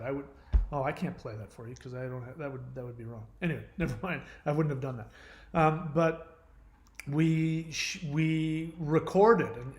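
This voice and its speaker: Man rambling through a painful story. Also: fairly high pitch. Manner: rambling, emotional, many fillers and restarts. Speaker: channel host. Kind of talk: personal story monologue.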